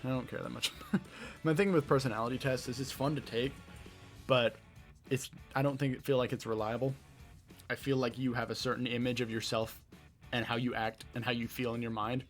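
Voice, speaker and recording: A young man with a light Southern American accent, answering rapid-fire questions on his own podcast, rambling and laughing at himself. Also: medium pitch, fairly even intonation, soft background music. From Southeastern United States. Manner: rambling, self-deprecating, laughs often. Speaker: podcast host. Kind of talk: casual Q&A monologue. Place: his bedroom.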